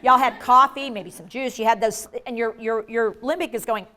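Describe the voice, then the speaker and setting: Woman, high-pitched voice, animated workshop speaker, jokey asides, acts out voices. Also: moderate pace, hardly any pauses. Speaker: dementia care educator. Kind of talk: lively live workshop talk.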